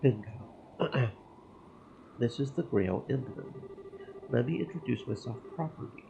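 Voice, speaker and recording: A man reading Kevin, a gravelly flirting priest. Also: mid-range voice, animated, measured pace, lo-fi sound, background noise. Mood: playful. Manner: teasing, easygoing banter. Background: game music.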